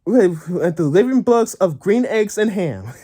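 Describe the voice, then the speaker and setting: A man's voice: high-pitched, sing-song, normal speed, warm tone. A man telling a story to his viewers in a casual vlog, stammering, repeating words and giggling all the way through. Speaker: gaming vlogger.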